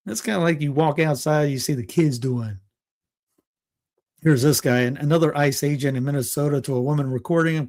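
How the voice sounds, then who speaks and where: A man's voice: mid-range voice, a little mellow. A man hosting a casual political news rundown, reading headlines aloud and breaking off into sarcastic asides with small chuckles and restarts. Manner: frequent restarts and filler words. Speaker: political commentary host.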